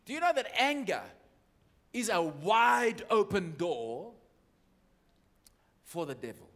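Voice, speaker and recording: A man preaching a sermon as an apostolic church leader, animated and building up to shouted exhortations. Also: high-pitched, takes it slowly.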